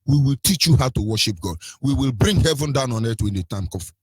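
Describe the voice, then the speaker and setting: A man with a Nigerian accent delivers a fiery, impassioned political monologue as a radio commentator, pressing the same questions repeatedly with biting, mocking sarcasm. His mid-range voice is animated, fairly quick, and breathy-edged, with no echo.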